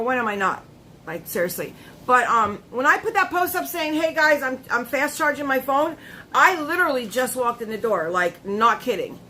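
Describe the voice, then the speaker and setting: A woman's voice: sits high, bright, forceful tone, slight background noise, poor audio. A woman hosting a casual live stream, chatty and laughing often, greeting her viewers by name.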